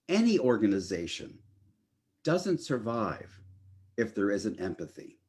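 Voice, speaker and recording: Unhurried man preaching a lively sermon. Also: medium pitch. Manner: expressive, rising and falling delivery with drawn-out emphasis. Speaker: minister.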